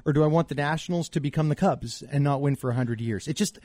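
A man's voice: fairly high pitch, fast talker, a little mellow, no echo, clean studio sound. A man from Montreal co-hosting a casual sports chat, wry and teasing. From Montreal, Canada. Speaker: podcast co-host.

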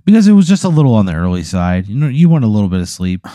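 Mellow low-voiced man telling a story. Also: very animated, racing, dry recording, studio quality. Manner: laid-back, rambling, many fillers. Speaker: podcast host. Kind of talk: improvised storytelling.

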